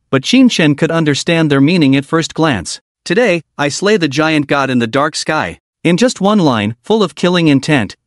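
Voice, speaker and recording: A man's voice: on the high side, dry recording, studio quality. A man narrating a comic story recap in scripted storytelling style.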